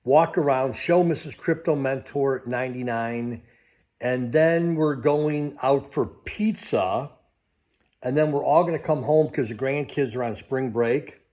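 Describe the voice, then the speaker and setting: A man's voice: mid-range voice, a little slow, darkish tone. An older man, a crypto vlogger, talking casually to his viewers in a rambling way that keeps losing its thread. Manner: rambling, loses his train of thought. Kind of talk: casual travel vlog.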